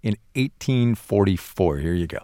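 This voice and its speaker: A man co-hosting a podcast in casual chat, animated and jokey, often exclaiming. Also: low-pitched, normal speed, noisy background. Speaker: co-host.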